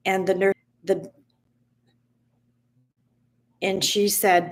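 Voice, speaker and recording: A slow, reflective woman speaker. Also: lowish voice, steady tone. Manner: slow and reflective, with frequent restarts. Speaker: wellness speaker. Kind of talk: reflective motivational talk with a read-aloud story.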